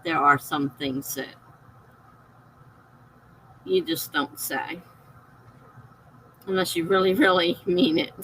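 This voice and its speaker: Chatty woman with a gravelly, bright voice. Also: fairly low pitch, big pitch swings, extremely slow, pauses often, slight background noise, poor audio. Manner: chatty, laughs often, reads out chat comments. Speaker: live stream host. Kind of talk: casual chat with viewers.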